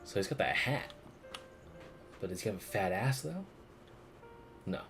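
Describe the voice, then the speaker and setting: A man's voice: lowish voice, animated, a little slow, fairly bright tone, soft background music. A man streaming a video game, joking crudely as he comments on the story. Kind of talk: gameplay commentary.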